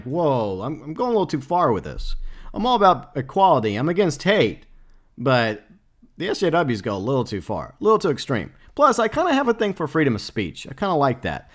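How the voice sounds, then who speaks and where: A man's voice: mid-range voice, fairly bright tone. A man hosting a casual live stream, reading out viewer comments and rambling bluntly with lots of fillers and swearing. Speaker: livestream host.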